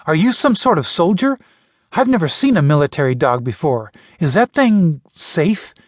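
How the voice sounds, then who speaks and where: A scared, snappish young woman in a sci-fi audiobook, as a male narrator lifts his voice for her. She quavers, swears and snaps back, pitched up high. It is close and bone-dry, like a voice booth. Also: big pitch swings, moderate pace, no echo. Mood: frightened, snappish. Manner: sharp-tongued, quavering, swearing. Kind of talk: audiobook character voice.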